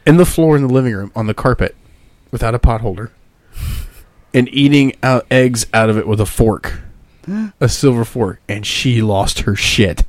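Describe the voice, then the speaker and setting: A man's voice: mid-range voice, normal speed, no echo. A man co-hosting a podcast, telling a rambling family story with plenty of laughs. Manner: rambling storyteller, laughs often, acts out quoted voices. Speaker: podcast co-host. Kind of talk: casual chat.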